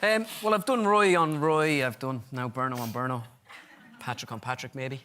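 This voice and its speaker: Chatty Irish comedian guest. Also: male voice, medium pitch, steady tone, moderate pace, a little hiss or hum. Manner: chatty, rambling, self-mocking. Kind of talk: talk show anecdote. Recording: loud studio audience laughter behind.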